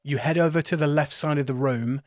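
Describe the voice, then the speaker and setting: A man's voice: on the high side, a little fast, no room sound, clean studio sound. A man running a tabletop game podcast, describing scenes as game master in an easygoing way.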